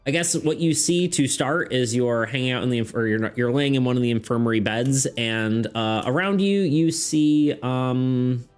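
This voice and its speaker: A man's voice: mid-range voice, moderate pace, few pauses, smooth, soft background music. A man running a livestreamed tabletop game as game master, narrating in a loose, laid-back way and thinking aloud.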